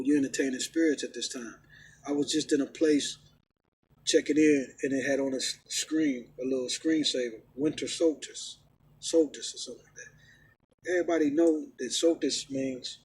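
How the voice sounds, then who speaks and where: Man, middle-aged, high-pitched, emphatic casual rant, faint background noise. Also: rough recording. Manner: emphatic, repetitive, swings from loud rant to low stern preaching. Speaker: vlogger preaching his faith.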